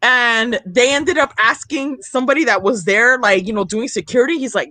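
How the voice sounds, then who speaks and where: High-voiced young woman telling a lively story. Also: a little fast, hardly any pauses, dry recording. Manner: animated storytelling, many "like"s, acts out quotes. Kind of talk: casual chat.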